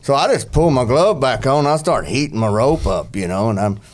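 A man's voice: mid-range voice, lively intonation, moderate pace. A man, a former bull rider telling a rambling story on a podcast, full of restarts and country slang.

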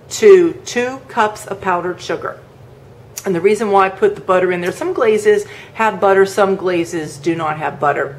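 A woman's voice: lowish voice, slight background noise. A woman from the northern United States hosting a home cooking video, chatting casually as she demonstrates a recipe, with fillers and rambling asides.

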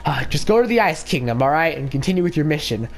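A man's voice: fairly high pitch, animated, fast talker, lightly acted. Princess Bubblegum, a man doing a bossy candy princess. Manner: bossy, rambling with many fillers. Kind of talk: Minecraft role-play voicing.

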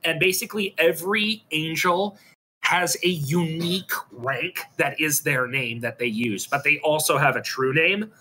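A man's voice: a little high, normal speed, sharp tone, a little hiss or hum. A man casually retelling a role-play episode over a voice call, hesitant and full of ums and restarts. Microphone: computer mic on a voice call.

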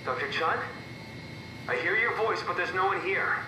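A man's voice: expressive, moderate pace. A panicked man in a simulation. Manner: frantic, confused questioning. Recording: echoey, distant game audio over rumble.

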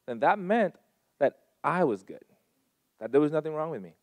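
At a community gathering, a man tells personal stories to a live audience, speaking earnestly and from the heart. His slightly high voice has a sing-song quality and a moderate pace, his loudness swings emphatically, and there is no room sound.

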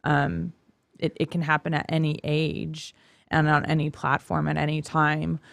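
Earnest low-voiced woman guest. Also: monotone, unhurried, vocal fry, dry recording. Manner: earnest, reflective, with restarts. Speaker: guest from a youth commission. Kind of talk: casual talk show chat.

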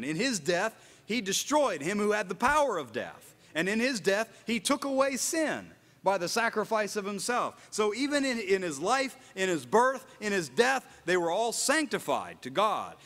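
A man's voice: high-pitched, fairly bright tone, in a large hall. A man preaching a sermon at a house church, earnest, often repeating and restarting his phrases and rising for emphasis. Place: house church meeting room.

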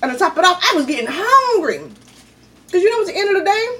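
Animated high-voiced woman telling a story. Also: quick pace, distant mic. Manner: animated, chatty, addresses viewers as y'all. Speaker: vlogger. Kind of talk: casual storytelling.

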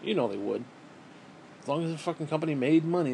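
A man's voice: a little high, expressive, fast, mellow, a little hiss or hum. A man venting in a bitter, profane, rambling monologue to camera as a vlogger, often restarting his sentences.

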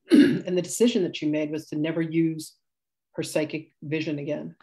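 A woman's voice: low-pitched, fairly even intonation, moderate pace, warm tone. A woman in her sixties, a spiritual teacher giving a live class demonstration, chatty and rambling, laughing often and correcting herself as she tells stories.

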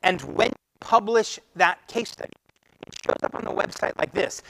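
A man speaking at a meetup, giving a lively presentation and acting out conversations with clients. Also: sits high, moderate pace, creaky, breathy edge, rough recording. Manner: animated, acts out client conversations. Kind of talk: live presentation to a meetup audience. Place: meetup room.

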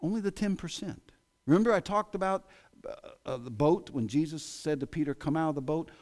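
A man preaching a sermon in a church, with an American accent, swinging between loud exclamations and hushed asides. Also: fairly high pitch, brisk. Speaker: pastor. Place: church sanctuary.

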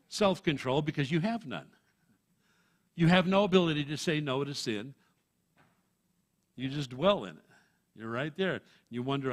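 A male pastor preaching a sermon in a church, emphatic and punchy, with wry humor and chuckles. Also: medium pitch. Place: church sanctuary.

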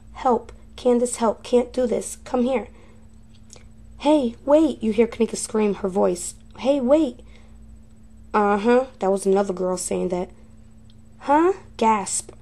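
A woman host talks to her viewers at an unhurried pace, her voice gravelly with fry. Her tone is dark and mellow, and she reads out short phrases one by one in a halting way. It sounds like casual talk to an online audience. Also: a little high. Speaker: paranormal video host. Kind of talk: casual talk to viewers, reading out recorded words.

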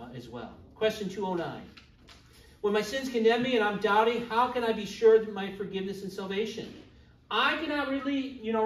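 A middle-aged man with a high, fairly bright voice leads a church confirmation class, chatting and joking with the students. The room is echoey and he's far from the microphone.

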